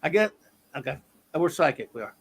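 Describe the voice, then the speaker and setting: A man's voice: a little high, sing-song, fast, fairly bright tone, husky. A man hosting a casual review podcast, talking loosely with lots of ums and restarts. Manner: loose, filler-heavy, meandering. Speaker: podcast host.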